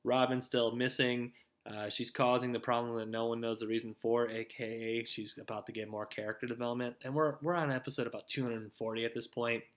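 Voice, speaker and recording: Here a young show host recaps anime episodes in a relaxed, meandering way full of "like" and "dude," talking fairly quickly in a level, mid-range voice.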